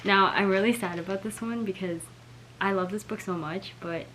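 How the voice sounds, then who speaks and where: A woman's voice: medium pitch, moderate pace, a bit bright, slight background noise, poor audio. A young woman filming a casual book unboxing vlog at home, sounding let down, with lots of "like" and "oh my gosh". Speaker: book vlogger.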